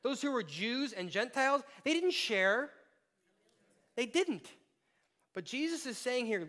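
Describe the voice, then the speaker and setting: A man's voice: very high-pitched, lively intonation, unhurried, a bit bright. A male pastor giving a sermon in a conversational way, with playful asides to the congregation.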